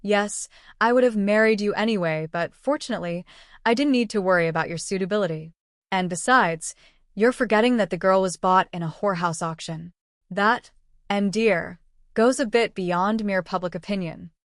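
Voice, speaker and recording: A man's voice: sits high, moderate pace, a bit bright, no room sound. A woman reading an audiobook, voicing a dry, bantering aristocratic husband and father.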